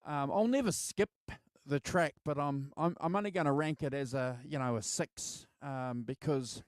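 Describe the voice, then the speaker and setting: Smooth-voiced man rambling through a review. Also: fairly high pitch, normal speed, no room sound. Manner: rambling, filler-heavy, laughs easily. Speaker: co-host. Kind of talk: casual album review chat.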